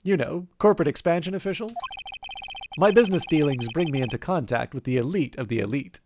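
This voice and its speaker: A man's voice: a little high, fairly quick, noisy background, lightly acted. A Canadian man voicing a pompous, wordy middle-aged male tycoon who uses grandiose made-up words. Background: game music.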